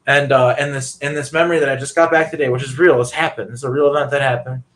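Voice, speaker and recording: A man's voice: medium pitch, steady tone, fast, a bit bright. Agitated, profane man ranting. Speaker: guest. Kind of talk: rambling personal rant.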